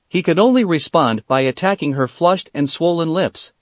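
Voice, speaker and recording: Expressive man reading a story aloud. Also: on the high side, moderate pace, no room sound. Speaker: narrator. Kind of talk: reading fan fiction aloud.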